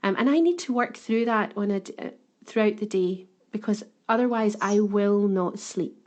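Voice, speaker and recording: A woman's voice: mid-range voice, moderate pace, a little mellow. A woman co-hosting a podcast, speaking earnestly and thoughtfully in casual chat, often restarting her words. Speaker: podcast co-host.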